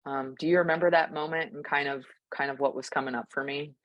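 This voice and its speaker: A woman co-hosting a podcast, telling a story in a relaxed, reflective way with frequent fillers. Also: sits low, quick pace, dry recording. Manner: thoughtful storytelling, many fillers. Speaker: podcast co-host. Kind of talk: casual reflective chat.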